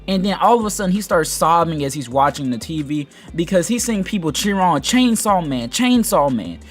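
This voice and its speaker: A man giving casual anime commentary, rambling and animated, with lots of fillers. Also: a little high, fairly quick. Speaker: anime video host.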